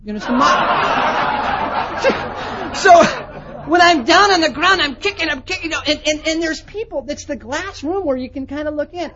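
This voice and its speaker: Man, pastor, high voice, animated sermon storytelling, muffled live recording, faint audience. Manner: animated storytelling with big swings in loudness. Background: audience laughter.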